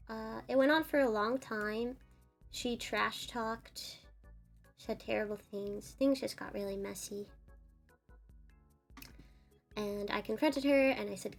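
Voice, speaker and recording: A woman's voice: a little high, slow, gravelly, pauses often, faint music behind. A woman streamer telling an upsetting personal story in a casual, earnest way. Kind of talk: casual storytelling while drawing.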